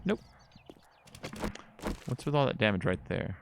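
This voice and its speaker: Lively man chatting on a noisy stream. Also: on the low side, unhurried. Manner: rambling, lots of "like" and swearing; fussing at his dogs between game talk. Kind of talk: casual gaming stream chat. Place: home streaming setup.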